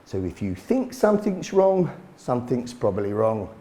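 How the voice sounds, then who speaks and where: A man's voice: mid-range voice, big pitch swings, moderate pace, warm tone. A middle-aged man teaching self-defence, blunt and direct, swearing casually as he explains. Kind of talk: instructional talk.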